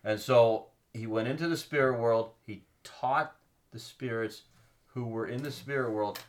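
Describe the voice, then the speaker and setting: A man's voice: medium pitch, measured pace. A man co-hosting a casual faith podcast, reading scripture aloud and explaining it earnestly, stopping with ums to find his place. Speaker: podcast co-host.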